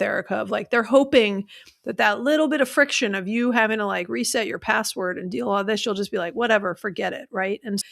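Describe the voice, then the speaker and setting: A woman's voice: fairly high pitch, vocal fry. A woman in her thirties co-hosting a podcast in casual chat, chatty and full of fillers. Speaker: podcast co-host.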